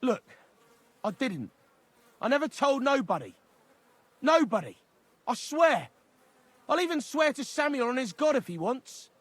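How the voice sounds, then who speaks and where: Casting: a high-voiced, stammering cockney-sounding informant in a game, jumpy and wheedling, his pitch leaping around. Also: big pitch swings, measured pace, long pauses, a bit bright, no echo, full character voice. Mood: pleading. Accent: English, cockney-like. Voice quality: stammering, jittery. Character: nervous, stammering male informant in hiding. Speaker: game character. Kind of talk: video game voice acting.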